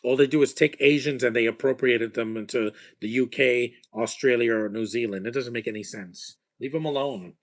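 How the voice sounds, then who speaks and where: A man's voice: mid-range voice, moderate pace, hardly any pauses. A man giving a live, off-the-cuff commentary while he watches a film, rambling between remarks and often restarting his sentences.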